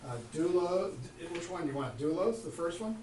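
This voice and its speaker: A man's voice: sits high, animated, moderate pace, a little mellow, a little hiss or hum. A man, a student in a class, hesitantly repeating words after the teacher. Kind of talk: classroom lesson. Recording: echoey classroom, distant mic.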